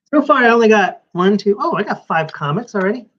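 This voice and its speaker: A man's voice: high-pitched, expressive, brisk, fairly bright tone, dull audio. A man giving rambling live-stream commentary while flipping through a comics preview magazine, with sarcastic asides.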